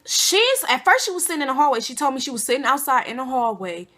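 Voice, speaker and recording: A young woman vlogger telling a casual storytime, animated and slangy, acting out quotes with big jumps in pitch. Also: fast. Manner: informal slangy speech.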